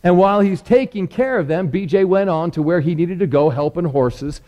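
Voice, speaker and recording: Male preacher, fairly high voice, folksy anecdote style, animated. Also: moderate pace, muffled recording. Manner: animated, folksy, leans into punchlines. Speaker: preacher telling a story. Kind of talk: folksy storytelling sermon.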